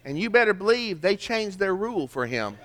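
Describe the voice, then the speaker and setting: A man's voice: high voice, big pitch swings, brisk, fairly bright tone. An older man, preaching a sermon in a folksy storytelling way with rhetorical questions. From American South. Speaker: pastor.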